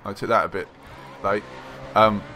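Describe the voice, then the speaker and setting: A man casually commentating his own racing game play, excitable, joking and rambling. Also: lowish voice, moderate pace, a little hiss or hum, low-quality recording. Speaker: games journalist playing and commenting.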